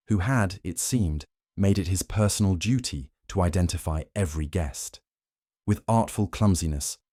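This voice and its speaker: Storybook narrator, man, formal and measured, deep mellow tone. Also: no room sound, clean studio sound.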